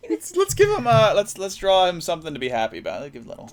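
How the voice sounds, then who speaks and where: In a high-pitched, rapid-fire voice whose pitch swoops wildly, a man chats casually while drawing on his live stream. He rambles, puts himself down, and restarts often.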